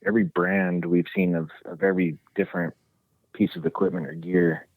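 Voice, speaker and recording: A guest with a low, gravelly voice gives plain, practical advice in a matter-of-fact way. The recording is dry and close-miked. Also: male voice, level tone, brisk, dry recording, poor audio. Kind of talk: casual podcast interview.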